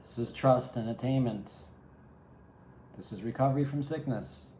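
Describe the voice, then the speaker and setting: A man's voice: mid-range voice, normal speed, warm tone. A man giving a solo tarot reading, musing and reflective, speaking straight to the viewer. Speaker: tarot reader. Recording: echoey room with faint ambient noise.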